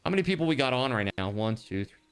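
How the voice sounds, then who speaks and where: A man streaming a game live, chatting casually with his viewers and thinking out loud. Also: medium pitch, big pitch swings, fast, clear, resonant tone. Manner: chatty, talks to chat, trails off and restarts. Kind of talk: casual live-stream chat while gaming.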